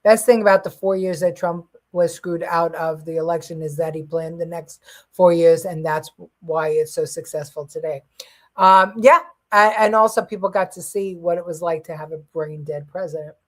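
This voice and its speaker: A woman hosting a casual live-stream talk show, speaking with many fillers, pauses and restarts. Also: on the low side, steady tone. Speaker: show host.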